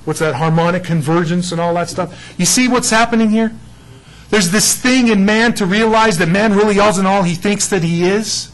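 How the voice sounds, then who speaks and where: A man with a high-pitched voice leads a Bible study in a loose, conversational way. He wanders into side remarks and lets many of them trail off quietly before coming back to the text. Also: normal speed, low-quality recording. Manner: chatty, digressive, often trails off quietly. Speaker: Bible teacher.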